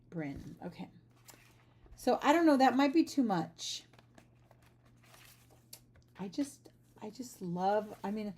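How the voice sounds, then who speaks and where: A woman's voice: mid-range voice, warm tone, slight background noise. A chatty, rambling woman hosting a casual livestream from her home art studio, talking to viewers while packing orders. She sounds sleepy. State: sleepy, just up. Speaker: livestream host, artist.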